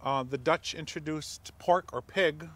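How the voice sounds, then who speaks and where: Unhurried man explaining a recipe. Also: a little high, a bit bright. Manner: unhurried, with many ums and pauses. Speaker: guest cook.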